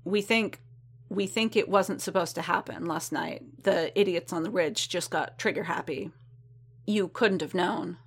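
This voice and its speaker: Woman reading as a calm, firm armored warrior. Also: on the low side, a little slow, vocal fry, breathy edge, heavily acted. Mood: reassuring. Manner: firm and reassuring.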